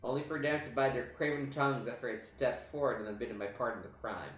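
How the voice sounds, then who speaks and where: A man's voice: mid-range voice, fast talker, fairly bright tone, roomy sound, faint music behind, natural voice. A man reading aloud as a bitter, boastful disgraced lancer villain in a video game, in a theatrical, scornful way.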